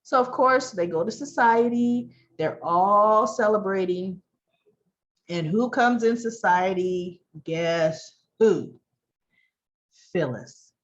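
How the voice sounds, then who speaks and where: A woman's voice: medium pitch, takes it slowly. Chatty woman recapping a soap, lo-fi sound. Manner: chatty, retells scenes by acting out characters' lines. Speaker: soap opera recap vlogger. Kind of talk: casual spoken episode recap.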